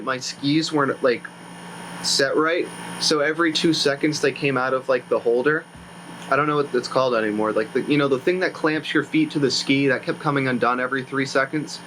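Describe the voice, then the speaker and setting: A man's voice: medium pitch, background noise. Rambling young man recapping a movie. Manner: rambling, self-correcting, sarcastic. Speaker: YouTuber reviewing a movie. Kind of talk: casual rambling commentary.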